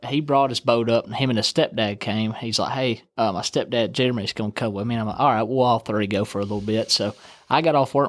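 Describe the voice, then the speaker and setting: A man's voice: mid-range voice, no room sound. A young man, telling a fishing story in casual chat and acting out what his friends said. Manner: animated storyteller, acts out quoted friends.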